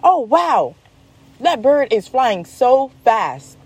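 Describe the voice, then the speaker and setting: A woman voicing her excitable little daughter, who chatters in a theatrical, gushing way. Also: on the high side, extremely slow, slightly rough, pitched above the performer's own voice, full character voice.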